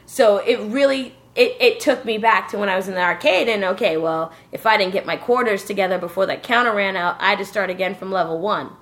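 A woman casually telling a lively story about a video game, cursing and joking as she goes. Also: mid-range voice, fairly quick, few pauses. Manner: animated storytelling, swearing, joking voices.

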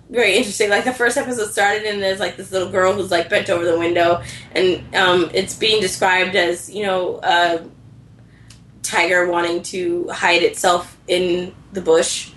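A woman's voice: lowish voice, steady tone, a little slow, fairly bright tone, roomy sound, slight background noise, low-quality recording. A woman chatting casually and telling a story animatedly, acting out the characters' lines as she goes. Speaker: co-host recapping anime. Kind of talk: casual chat.

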